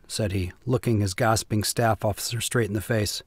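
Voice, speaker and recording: A man's voice: on the low side, steady tone, brisk, slightly rough, dry recording, clean studio sound. Man narrating a classic war story. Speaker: audiobook narrator.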